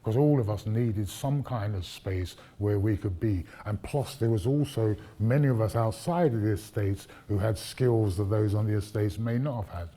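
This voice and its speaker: Man as guest lecturer, husky and dark-toned, anecdotal and conversational. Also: on the low side, moderate pace, hardly any pauses. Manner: conversational, recounting anecdotes with asides to the audience. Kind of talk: public lecture, storytelling.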